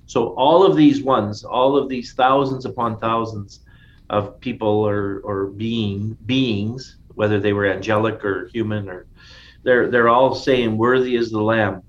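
A man's voice: fairly low pitch, fairly even intonation, measured pace. A man teaching a casual Bible study in an enthusiastic, conversational way, often restarting his sentences. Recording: dull lo-fi sound with faint noise.

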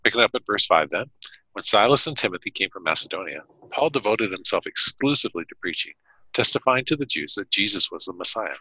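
Man reading scripture on a Bible talk show. Deep, animated, jokey. The sound is dry. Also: fast, breathy edge, no echo, low-quality recording. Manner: jokey, reads passages aloud. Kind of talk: casual Bible study chat with scripture reading.

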